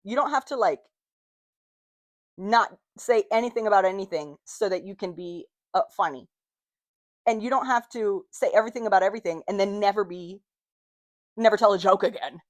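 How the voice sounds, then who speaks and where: A woman hosting her own podcast in a casual, animated solo talk, swearing freely and acting out the voices of doubters. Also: medium pitch, normal speed, long pauses, no echo, clean studio sound. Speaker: podcast host.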